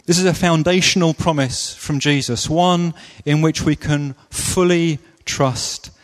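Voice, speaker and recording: A man preaching a sermon with slow, deliberate, emphatic phrasing. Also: fairly high pitch, fairly even intonation. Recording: long reverb of a large hall.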